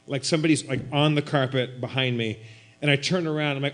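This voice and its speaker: A man telling a comedic ghost story on stage at a live show, animated and breaking into loud shouted outbursts. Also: mid-range voice, fast. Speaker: guest storyteller.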